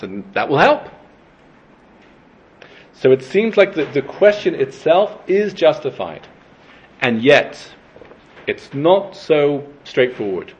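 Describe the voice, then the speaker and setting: Questioning man teaching a Torah class. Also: a little high. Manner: thoughtful, questioning, frequent restarts. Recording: dull lo-fi recording.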